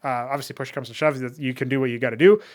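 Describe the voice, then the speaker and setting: A man's voice: medium pitch, fairly even intonation, quick pace, darkish tone. An American man hosting a casual solo talk show, rambling with many fillers and restarts. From United States. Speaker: podcast host and modder.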